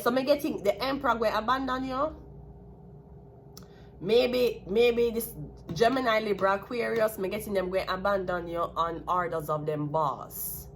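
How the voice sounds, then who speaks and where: A woman's voice: medium pitch, slight background noise. A woman with a Jamaican accent giving a solo tarot reading, talking bluntly and with plenty of profanity. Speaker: tarot card reader.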